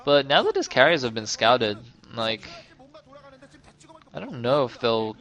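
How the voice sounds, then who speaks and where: A man in the middle of his range casting a game in a loose, chatty way. He thinks aloud, takes back what he just said, and his voice climbs and swells with excitement when a fight breaks out. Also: mid-range voice, measured pace, highs cut off. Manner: chatty and self-correcting, grows loud and excited in tense moments. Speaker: esports caster. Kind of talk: casual play-by-play game commentary.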